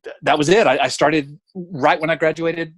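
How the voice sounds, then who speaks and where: A middle-aged man, a guest comedian telling stories in a casual, animated, chatty way. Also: fairly high pitch, moderate pace, no echo. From Alabama, US. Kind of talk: casual anecdotal storytelling.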